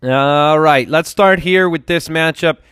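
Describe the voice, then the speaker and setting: An upbeat man hosting a podcast, with a smooth, resonant voice. He talks casually and rattles off lists in quick bursts. The sound is dry and close. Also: fairly high pitch, a bit bright, dry recording. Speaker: podcast host. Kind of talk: casual podcast chat and sponsor reads.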